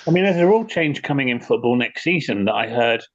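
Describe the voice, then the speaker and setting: A man's voice: medium pitch, animated, fast talker, dull audio. A British man co-hosting a podcast in casual chat, jokey and prone to tangents. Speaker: podcast co-host.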